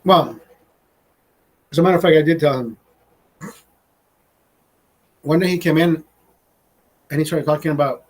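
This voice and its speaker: A man hosting a show, ranting in a heated, foul-mouthed, stop-and-start way. His voice sits a bit high and has a husky edge. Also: moderate pace, pauses often, rough recording. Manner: heated, swears constantly, restarts sentences. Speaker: host. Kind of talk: casual profane rant.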